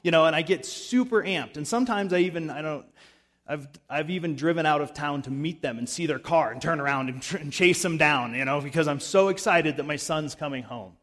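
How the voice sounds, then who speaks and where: A man's voice: a little high, brisk, fairly bright tone. A man preaching a sermon in a conversational way, acting out voices when he retells scenes. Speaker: pastor. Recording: long reverb of a large hall.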